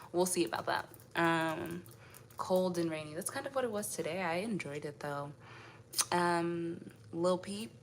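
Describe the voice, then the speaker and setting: A woman's voice: on the low side, creaky, slight background noise. A woman raised in the United States chats casually on a live stream. She answers viewer comments one by one and laughs often. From United States (raised in Indianapolis).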